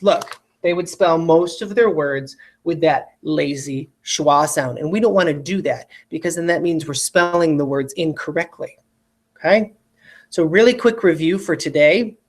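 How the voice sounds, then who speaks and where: An adult spelling teacher giving a recorded video lesson, patiently repeating each word twice and checking in with students. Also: medium pitch.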